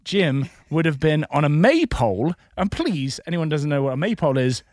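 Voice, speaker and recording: A man with a St. co-hosting a loose talk show. His pitch swings widely as he jokes, swears and runs off on tangents. The sound is dry and close to the mic. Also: big pitch swings, normal speed, a little mellow, dry recording. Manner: jokey, swears, rambling tangents. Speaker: podcast co-host. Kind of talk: casual chat.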